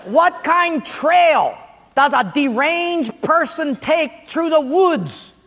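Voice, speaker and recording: A man voicing a bossy Portuguese hiring manager who talks loudly in Hawaiian Pidgin. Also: very high voice, animated, slow pace, slight background noise, full character voice. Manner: loud, bossy, declaring answers. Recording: long hall reverb.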